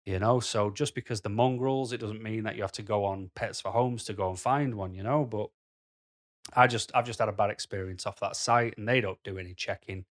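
A man with a fairly low voice, talking straight to his viewers. He is blunt and rambling, and he keeps dropping "you know" between thoughts. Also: a little fast. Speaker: vlogger. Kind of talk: casual monologue to camera.

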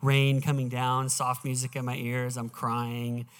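A male pastor preaching a sermon, emphatic and slowing down as he reads scripture aloud in a church auditorium. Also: mid-range voice, monotone, fairly bright tone, clean tone. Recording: reverberant hall, live church sound.

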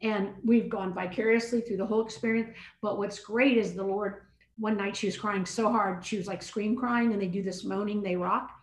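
An older woman, a podcast guest, telling a personal story in an animated way and acting out her own inner dialogue. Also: mid-range voice, normal speed, a little hiss or hum. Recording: echoey room.

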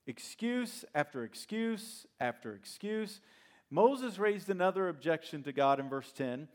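A male pastor preaching a sermon, retelling the story in an animated, conversational way. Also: sits high, measured pace.

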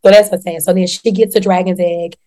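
A woman hosting a casual chat, recapping a TV show in a slangy, profane, animated way and acting out the characters. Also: on the low side, fast.

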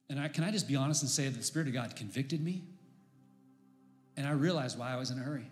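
A man's voice: fairly high pitch, fast talker, a bit bright. A middle-aged man, a pastor, preaching a conversational sermon full of candid personal stories. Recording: roomy hall with faint music.

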